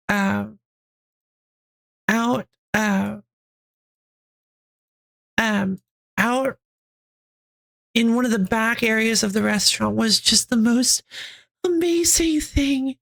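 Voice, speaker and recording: A woman streamer in casual chat, telling a story with lots of restarts, giggles and quick asides to her chat. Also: on the high side, gravelly, fairly bright tone. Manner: reads chat aloud.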